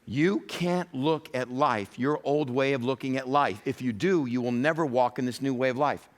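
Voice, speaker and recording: A man's voice: mid-range voice, normal speed. A middle-aged male pastor preaching a sermon with emphasis, often voicing God's words as quotes.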